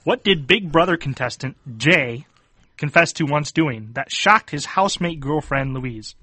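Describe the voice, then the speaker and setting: A man's voice: fairly high pitch, expressive, unhurried, pushed and bright, husky, no room sound. A man hosting a quiz, reading questions aloud and teasing the panel. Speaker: quiz host.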